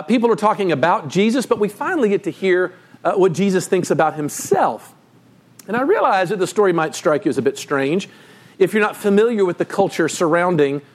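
A man preaching a sermon as pastor, telling the story with emphatic, animated delivery. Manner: animated, emphatic storytelling with sudden pitch jumps.

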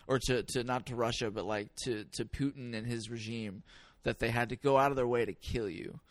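A man's voice: mid-range voice, fairly even intonation, fairly quick, dry recording. Easygoing man, dry close sound. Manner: easygoing, laughs along, affirming. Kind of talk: casual podcast chat. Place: Sacramento.

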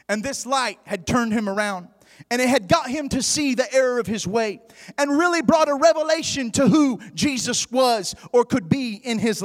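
A man preaching a sermon with impassioned, shouting delivery, swinging between loud bursts and quiet, low stretches. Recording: long hall reverb.

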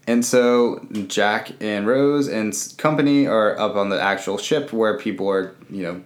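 A man's voice: fairly low pitch, fairly even intonation, a little slow. A man chatting casually about a film plot, making wry, jokey asides. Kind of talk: casual movie recap chat. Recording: roomy echo.

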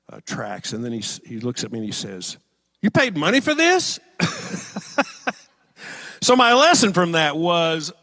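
Lively, animated male preacher. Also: fairly high pitch, no room sound. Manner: conversational, storytelling, lively emphasis on quotes. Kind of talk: sermon with personal stories.

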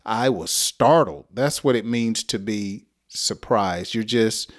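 A middle-aged man with an American accent teaching an English lesson in a casual, patient way, often checking in with "okay?". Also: lowish voice. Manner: slow, patient explanations with frequent "okay?" check-ins and chuckles.

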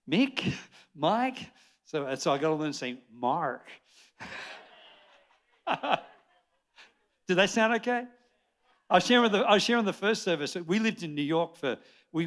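An Australian man in his sixties preaching a lively sermon to a church congregation, chatty and jokey, rambling with restarts. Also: on the high side. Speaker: pastor. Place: church service before a congregation.

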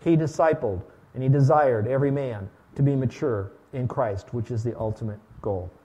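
A pastor preaching a sermon in a church, emphatic, shifting between loud bursts and quiet asides as he leads listeners through a passage. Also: medium pitch, normal speed, lo-fi sound.

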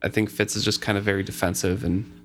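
A man co-hosting a casual book discussion, relaxed and agreeable, who sometimes reads passages aloud. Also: fairly low pitch, fast, a little hiss or hum. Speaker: book podcast co-host.

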